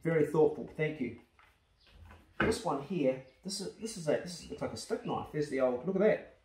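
Swearing Kiwi bloke in an echoey room. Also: male voice, a little high, lively intonation, moderate pace, darkish tone. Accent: New Zealand. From New Zealand. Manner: rough-spoken and blunt, swears freely. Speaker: YouTuber opening fan mail. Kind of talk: casual chat. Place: house truck on a rainy day.

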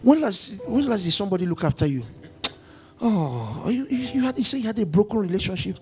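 High, lively pastor preaching. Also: male voice, a little fast, soft background music. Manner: animated preaching, firing questions, acting out dialogues. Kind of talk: sermon. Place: church.

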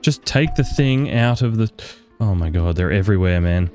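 A young man giving sweary, frantic let's-play commentary, yelping high when panicked. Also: lively intonation, moderate pace, darkish tone, faint music behind. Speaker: gaming YouTuber.

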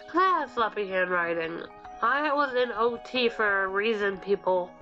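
A woman's voice: mid-range voice, expressive, moderate pace, sharp tone, muffled recording, soft background music. A young woman telling a ranting story while gaming, swearing and acting out what people said. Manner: ranting, swears, acts out quotes. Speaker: gaming vlogger. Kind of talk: casual storytelling over gameplay.

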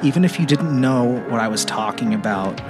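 A man giving a dramatic reading of a troubled teenage boy's letters, in a quiet, earnest, halting way. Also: mid-range voice, animated, music in the background. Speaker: narrator.

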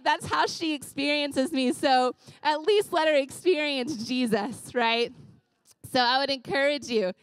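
Woman pastor preaching like she's just chatting, kinda high voice, dry close sound. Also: measured pace, no room sound. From Louisiana. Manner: conversational storytelling, animated and casual. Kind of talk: sermon.

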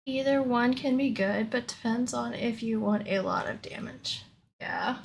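A woman's voice: a little high, unhurried, vocal fry, slight background noise. A woman streamer chatting casually on a livestream, giggling often and a little out of breath. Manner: giggly, laughs often between words.

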